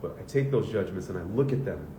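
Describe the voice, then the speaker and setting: In an echoey, rumbling room, a man speaks fast and expressively, far from the microphone. He coaches men, hails from the Southern US, and his casual yet heartfelt motivational talk is laced with profanity.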